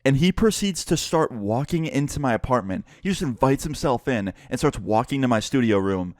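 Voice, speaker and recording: A young man telling a story in a casual, profane and animated vlog style. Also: medium pitch, normal speed, no echo, studio quality. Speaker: vlogger and musician.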